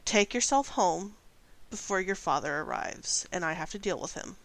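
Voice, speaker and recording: A woman's voice: on the low side, lively intonation, moderate pace, vocal fry, low-quality recording. A woman voicing a stern, annoyed headmistress sorceress in a tabletop game, speaking curtly. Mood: irritated. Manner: curt, exasperated.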